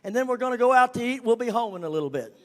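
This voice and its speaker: A man voicing an easygoing young man who calmly brushes off an older man's teasing. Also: extremely high pitch, very fast, in a large hall, pitched above the performer's own voice. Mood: breezy.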